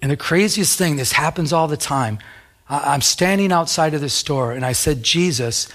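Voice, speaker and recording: A man's voice: a little high, moderate pace, fairly bright tone. A middle-aged man, a pastor, preaching a sermon in a conversational, storytelling way with many restarts.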